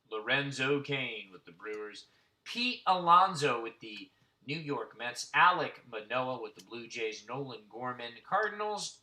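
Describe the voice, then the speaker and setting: Hosting a card break, a man of about forty from Central Florida casually names baseball cards and wanders into rambling, profane stories. His mid-range voice comes across pushed and bright.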